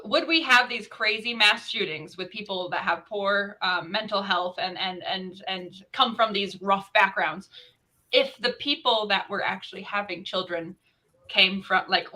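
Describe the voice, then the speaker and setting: Bright-voiced opinionated woman. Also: mid-range voice, rough recording. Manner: opinionated, rambling with restarts. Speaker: participant in group chat. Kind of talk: casual group chat.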